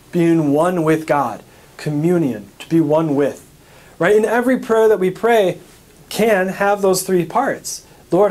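Brief: American male priest, fairly high voice, chatty teaching tone, asks and answers his own questions. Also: a little mellow. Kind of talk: recap of a parish teaching talk.

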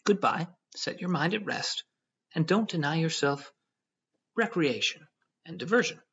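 A man voicing a self-important civil servant who lectures calmly and at length. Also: fairly high pitch, gravelly, husky, pitched above the performer's own voice, exaggerated voice. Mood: pompous tranquil. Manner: measured, lecturing tone. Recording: dull lo-fi audio.

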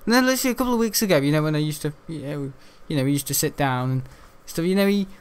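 Speaking very fast, this young adult man has a fairly high, animated voice with a clear, resonant tone. As a gaming YouTuber, he rambles chattily through casual video game commentary, swearing mildly here and there.

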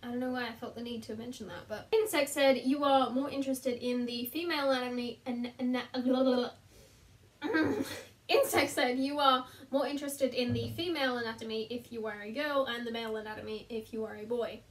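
High young woman, chatty vlog, self-deprecating, slightly distant mic in a bedroom. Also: steady tone, a little fast. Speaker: vlogger. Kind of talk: casual chat to camera. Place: bedroom, sitting on the floor between two beds.

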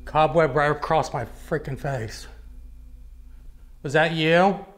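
A man investigating an abandoned building alone at night, talking to camera and calling out to spirits in a hushed, jumpy way. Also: on the high side, takes it slowly, low-quality recording. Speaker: paranormal investigator. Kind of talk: solo ghost-hunt narration to camera.

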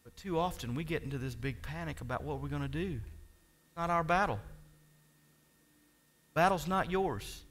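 A male pastor preaching a sermon, swinging between quiet asides and loud, impassioned lines and talking directly to his congregation. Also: fairly high pitch, normal speed, pauses often.

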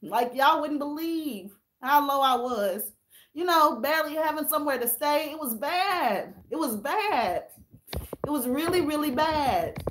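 High-voiced tearful woman chatting live. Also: expressive, a little slow, fairly bright tone. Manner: candid and emotional, addressing viewers as y'all. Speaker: livestream host reading viewer comments. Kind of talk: casual livestream chat.

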